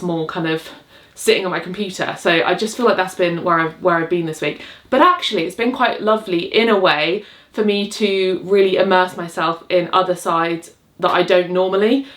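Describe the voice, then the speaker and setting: A young woman chatting casually at home in a vlog, upbeat and rambling, with fillers. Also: lowish voice. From England. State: out of breath. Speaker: vlogger. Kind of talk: casual chat. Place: home, cottage.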